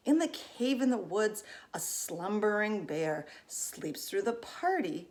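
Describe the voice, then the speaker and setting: Brief: woman teacher, unhurried, animated picture-book read-aloud for kids. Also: mid-range voice. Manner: lively, expressive, asks listeners questions.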